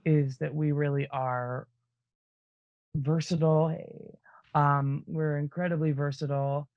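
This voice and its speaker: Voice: mid-range voice, little pitch movement, unhurried, no echo, narrow, tinny audio. A podcast co-host in casual chat, rambling and enthusiastic with many restarts.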